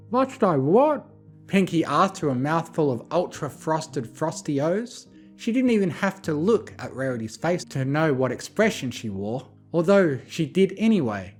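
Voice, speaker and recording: A bedtime story narrator reading fanfiction aloud. The reading is calm yet expressive, with a lively pitch. Soft music plays faintly underneath. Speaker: fanfiction reader.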